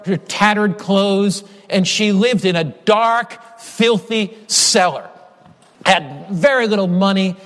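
Man, preacher, high voice, earnest, emphatic repetitions, long echo of a hall. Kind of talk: sermon.

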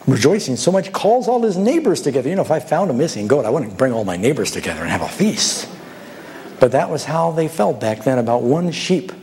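Guy preaching a sermon in church, lots of rhetorical questions, voice swings way up when he acts out lines, bit of faint noise. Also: mid-range voice. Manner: animated storytelling with rhetorical questions and acted-out quotes.

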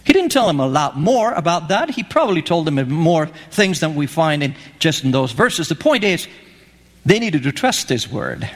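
A man preaches with a high, bright voice that leaps up and down as he tells the story and acts out its quotes. His words ring with a long reverb, as in a large hall. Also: big pitch swings, moderate pace. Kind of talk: sermon.

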